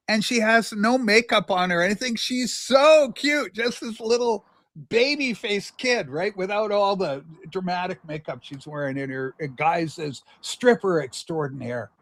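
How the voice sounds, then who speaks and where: An older man from Canada, co-hosting a casual livestream and telling a rambling story with lively asides. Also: high-pitched, unhurried, no room sound. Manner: animated, jumps between asides and acted quotes. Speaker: livestream co-host.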